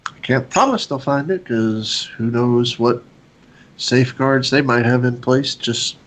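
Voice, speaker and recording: A man's voice: medium pitch, unhurried, low-quality recording. A man playing a tabletop game, chatting casually and rambling as he describes his character. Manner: rambling, lively storytelling with frequent fillers. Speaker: player.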